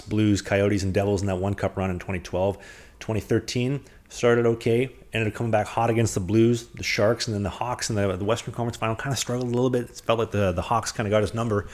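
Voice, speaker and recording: A man co-hosting a podcast, talking sports fast and cracking jokes through an ad read. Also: fairly low pitch, a little mellow. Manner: fast, joking sports talk. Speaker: podcast co-host. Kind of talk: casual chat and sponsor read.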